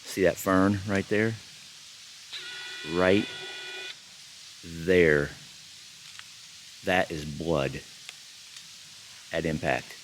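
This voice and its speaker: Man, outdoors in tree stand, handheld camera, slow drawn-out talk, faint hiss. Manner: breathless excited exclamations, then hushed low explanation. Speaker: bow hunter filming himself. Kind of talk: self-filmed hunting vlog.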